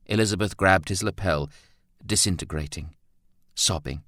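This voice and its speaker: Low-pitched male audiobook narrator, dry and close. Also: normal speed, no room sound. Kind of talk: scripted narration.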